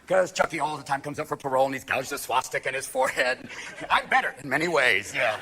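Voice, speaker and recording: A man doing a stand-up comedy routine, manic, swinging between shouts and hushed asides, recorded live on stage. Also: a little high, sing-song, fast talker.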